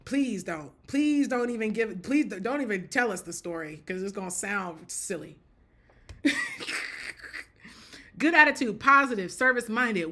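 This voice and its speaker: A woman's voice: medium pitch, expressive, unhurried, pauses often, pushed and bright. A woman giving casual spoken commentary in a blunt, joking way, often repeating herself and breaking into laughter. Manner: repeats and restarts phrases.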